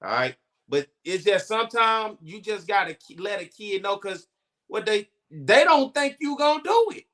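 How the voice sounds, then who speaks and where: A man with a high, bright, forceful voice talks bluntly in a casual podcast chat. He cusses freely and acts out the people in his stories. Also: moderate pace. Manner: blunt, animated storytelling with profanity. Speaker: co-host.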